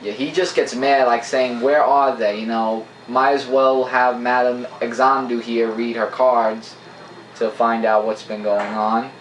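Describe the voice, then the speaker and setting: An eager man rambles through a plot recap, full of fillers, in a mid-pitched voice. He is recorded in a room that rings with echo, with a faint hiss underneath. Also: flat delivery, a little slow. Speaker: comic book reviewer, co-host. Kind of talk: casual review chat, plot recap. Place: indoor room with a camera. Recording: echoey room.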